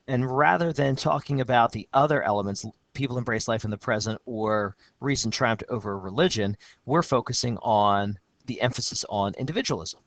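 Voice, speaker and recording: Reading aloud from a student's essay on screen, a male teacher comments cheerfully in a recorded lesson. He speaks at a moderate pace with lively intonation, a mid-range, slightly bright voice, and some vocal fry, with no room sound.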